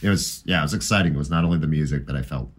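A middle-aged man chatting casually about music, rambling and animated, often laughing as he remembers. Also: a bass voice, rapid-fire.

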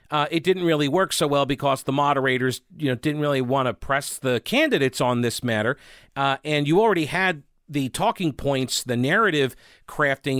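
Man, political commentary, sarcastic, higher voice, dry close sound. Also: a bit bright, no room sound. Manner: sarcastic, conversational, reads headlines aloud. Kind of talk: opinion commentary reading headlines.

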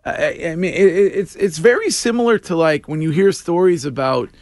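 Gravelly-voiced male radio host. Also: sits high, normal speed, dry recording, clean studio sound. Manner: rambling, restarts and laughs. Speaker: radio talk show host. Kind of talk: casual radio banter.

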